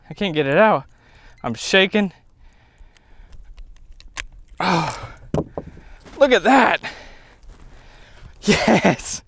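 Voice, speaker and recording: Excitable man, high and lively voice. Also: gravelly, no room sound. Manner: excitable, exclaims and shouts often. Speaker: fishing vlogger. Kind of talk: self-filmed fishing vlog. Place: outdoors on a lake.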